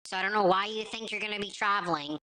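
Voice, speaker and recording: A woman talks over clips in a blunt, scornful commentary. Her voice is bright and forceful. She sounds matter-of-fact and unimpressed. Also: mid-range voice, fast, poor audio. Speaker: reaction commentator.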